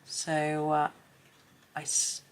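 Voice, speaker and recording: A hoarse woman with a chatty, rambling manner talks casually while colouring, often dropping to a near whisper. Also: low voice, completely flat delivery, very slow, a little hiss or hum. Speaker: colouring channel host.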